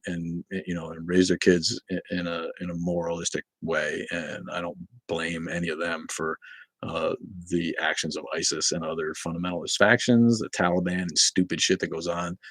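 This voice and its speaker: A man's voice: low voice, little pitch movement, normal speed, no echo. A man hosting a casual livestream, chatting with viewers in a rambling way with lots of fillers and restarts. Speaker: livestream host reading chat. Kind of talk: casual live-stream chat.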